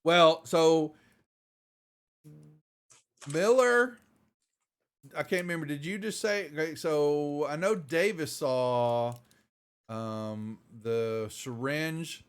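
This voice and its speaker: Guy running a tabletop game on stream, rambles and restarts, kinda high pitched. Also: extremely slow, pauses often, smooth. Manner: rambling, restarts often, greets viewers. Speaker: game master.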